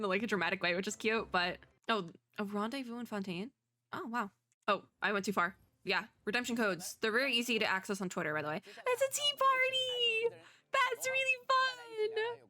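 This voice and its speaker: A woman reacting to a game presentation in a chatty, rambling way, laughing often and jumping into high squeals at cute things. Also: bright, forceful tone. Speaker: video game streamer. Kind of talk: reaction commentary.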